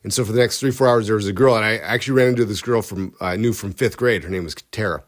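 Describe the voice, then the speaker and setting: A man's voice: lowish voice, quick pace. Rambling, comic male podcast storyteller. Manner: rambling, self-interrupting, comic. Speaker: podcast co-host. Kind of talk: casual storytelling.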